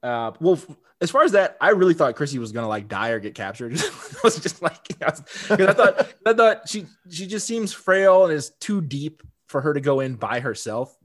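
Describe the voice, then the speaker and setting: A man's voice: a little high, very animated, moderate pace, hardly any pauses. A man talking through a TV episode on a podcast in an easy, conversational way. He laughs often and trips over himself, repeating words as he goes. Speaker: podcast co-host. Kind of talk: casual TV episode recap.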